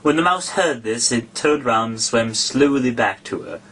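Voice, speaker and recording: A man narrating a storybook in a measured, even way. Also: medium pitch.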